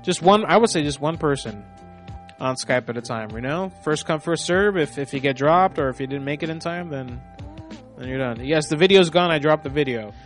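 A man's voice: on the high side, normal speed. Man, stream host, rambling, profane, off-hand, faint music behind. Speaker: host of a call-in prank show. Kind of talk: casual live-stream talk.

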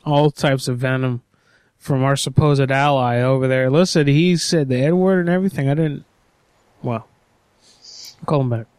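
A man's voice: medium pitch, fairly even intonation, moderate pace, pauses often, darkish tone, smooth, dry recording. A man making prank phone calls and commenting on them, mocking and provocative, repeating his taunts. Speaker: prank caller and host.

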